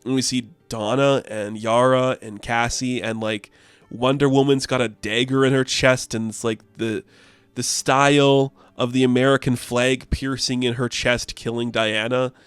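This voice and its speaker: A man giving a casual comic book recap in a rambling way, full of "like" and quick asides. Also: mid-range voice, flat delivery, smooth, no room sound, faint music behind. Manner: rambling, filled with "like".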